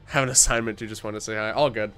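A man's voice: fairly low pitch, steady tone, very fast, fairly bright tone, soft background music. Sick, tired young man livestreaming a game. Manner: chatty, reads chat aloud, frequent fillers and restarts. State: sick and tired, croaky voice cracks. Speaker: gaming livestreamer. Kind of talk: casual livestream commentary.

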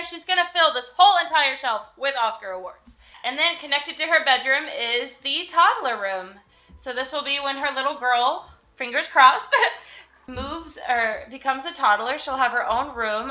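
Bright-voiced young woman chatting over gameplay. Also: high-pitched, muffled recording. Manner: chatty, giggly, swears when surprised. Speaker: gaming vlogger. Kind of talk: casual gameplay commentary.

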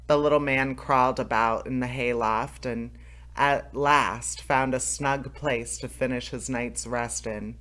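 A man reading a fairy tale aloud as narrator, steady, with small restarts. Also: medium pitch, a little slow. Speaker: storyteller, channel host.

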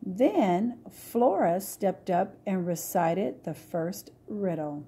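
A woman reading a children's storybook aloud in a slow, lilting storytelling voice. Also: on the low side, animated, warm tone, breathy edge. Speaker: storybook reader.

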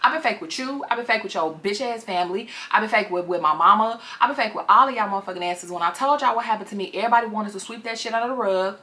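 A woman's voice: mid-range voice, quick pace, hardly any pauses, sharp tone, lightly acted. A woman voicing a furious young woman who curses at the man who abused her. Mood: defiant. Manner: profane, cursing, slangy.

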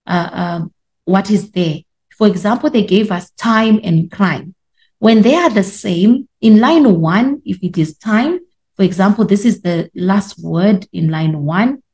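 A woman teaching a class, explaining slowly with repetition and stretched words for emphasis. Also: mid-range voice, warm tone. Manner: explanatory, repeats points and drags out words for emphasis. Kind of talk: classroom lesson.

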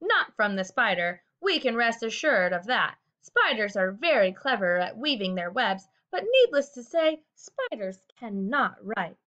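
A woman voicing a pompous male fair announcer who speechifies formally over a loudspeaker, in a storybook reading. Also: a little high, sing-song, measured pace, few pauses. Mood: grandiose. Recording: dull lo-fi recording.

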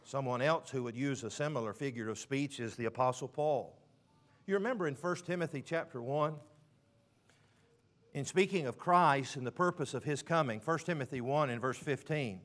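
A man preaching a sermon, stressing words slowly and dropping suddenly to a hush. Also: mid-range voice. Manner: emphatic, with slow drawn-out stresses and sudden quiet drops.

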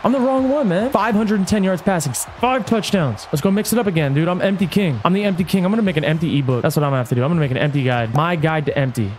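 A man giving hyped, excitable commentary on his own football video game play, coaching himself and yelling at big plays. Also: on the high side, rapid-fire, hardly any pauses, slight background noise. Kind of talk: hyped live gameplay commentary.

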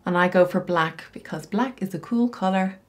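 A woman's voice: medium pitch, moderate pace. A middle-aged woman style coach talking through her makeup routine in a chatty, explanatory way, with casual asides. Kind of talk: makeup tutorial.

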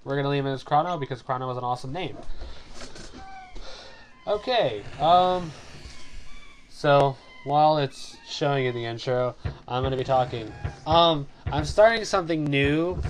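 A man talks casually while he plays a video game, rambling from one thought to the next with frequent ums and side remarks. His voice sits at an ordinary middle pitch. He reads the game's text aloud as he goes. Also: expressive, moderate pace, pauses often, slight background noise. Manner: rambling, with many fillers and asides. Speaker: let's play host.

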